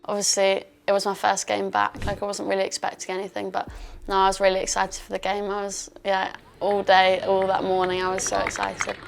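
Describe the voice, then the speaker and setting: Flat, gravelly young woman footballer. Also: mid-range voice, brisk, few pauses, faint music behind. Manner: reflective, casual with fillers. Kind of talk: interview about returning from injury.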